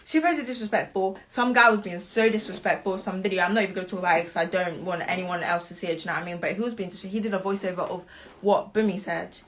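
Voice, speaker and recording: A woman's voice: fairly low pitch, fast talker, a bit bright. A young woman, telling her side of a falling-out in a casual live-stream storytime, chatty and indignant. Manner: chatty, indignant, keeps asking "do you know what I mean".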